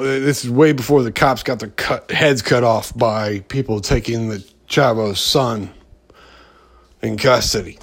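A man hosting a podcast in a rambling, profane monologue, full of halting restarts and fillers. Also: mid-range voice. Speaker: podcast host. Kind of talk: casual ranting monologue.

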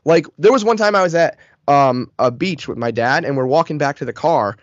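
Man, thirties, fairly high voice, animated storyteller, profane, dull dry recording. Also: a little fast, dry recording. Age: 30s. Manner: animated, profane, self-mocking. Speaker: podcast co-host. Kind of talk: casual storytelling.

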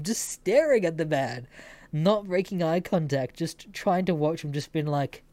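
Low-voiced woman telling stories. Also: lively intonation, unhurried, a little mellow, no echo. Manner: swears freely, laughs while telling stories. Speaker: podcast host. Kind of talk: casual storytelling podcast.

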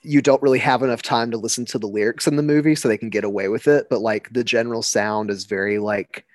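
A man co-hosts a podcast in easygoing chat. He jokes at his own expense, laughs often and swears offhand. His voice sits at a middle pitch in a dry, close recording. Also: fairly even intonation, fast talker, no echo. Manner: joking, laughs a lot, swears casually. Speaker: podcast co-host. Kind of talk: casual chat.

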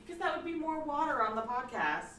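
A woman's voice: sits high, big pitch swings, fast talker, a bit bright. A young woman co-hosting a casual home podcast, giggly and bouncy. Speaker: podcast co-host. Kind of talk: casual chat. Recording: echoey room, mic far off, faint background hiss.

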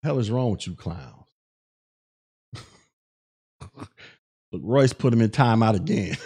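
A man's voice: fairly low pitch, lively intonation, slow pace, darkish tone, slightly rough. A male podcast host on a live stream, ranting in a profane, mocking way at critics.

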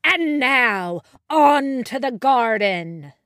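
A woman voicing a huge, greedy, childish male giant who booms and whines. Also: animated, drawn-out words, fairly bright tone, no echo, clean studio sound, heavily acted. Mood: gleeful. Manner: booming, whiny when hurt.

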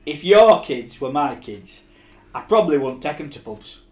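A man's voice: fairly high pitch, sing-song, moderate pace. A man, co-hosting a casual chat and giving wry, opinionated takes. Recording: echoey room.

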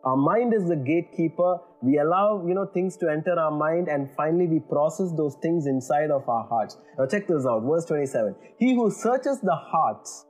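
Husky-voiced man preaching earnestly. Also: a little high, a little fast, few pauses, a little mellow, faint music behind. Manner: earnest, rising emphasis, frequent "you know" and "all right". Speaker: pastor. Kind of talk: sermon.

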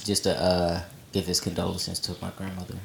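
A man co-hosting a podcast, telling family stories in animated casual chat with low asides. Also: brisk, vocal fry, roomy sound, a little hiss or hum. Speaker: podcast co-host.

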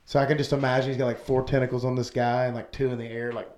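A man co-hosting a casual podcast, relaxed in manner. He drops wisecracks and mock sponsor lines between odd news stories. His voice sits in an ordinary middle pitch for a man. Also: rapid-fire. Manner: laid-back, wisecracking. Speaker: podcast co-host.

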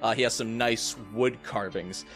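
Serving as game master for a tabletop game, a man narrates scenes vividly and with suspense, tossing in playful asides. His mid-range voice is fairly bright with fairly even intonation at normal speed, and faint music plays in the background.

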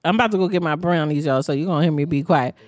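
A woman's voice: sits low, rapid-fire, darkish tone. A woman hosting a casual podcast chat, playful and teasing, laughing often. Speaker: podcast host.

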